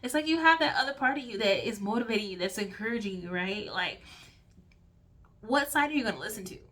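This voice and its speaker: Bright-voiced woman giving a chatty reading. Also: mid-range voice, animated, fairly quick. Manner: chatty, rambling, fills with "like" and "okay?". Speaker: intuitive reader. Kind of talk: casual channeled reading to camera.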